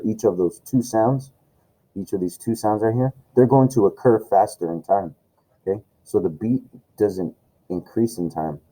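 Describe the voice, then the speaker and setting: A man's voice: sits low, dark tone, poor audio. A man teaching an online music lesson, loose and encouraging, talking with plenty of fillers. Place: home room with camera and tablet.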